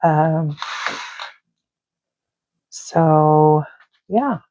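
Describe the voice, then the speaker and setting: An art channel host chats and rambles casually while coloring, at times trailing off into murmurs. Her voice is low and dark and extremely slow, and the recording sounds dry and tinny, like a phone.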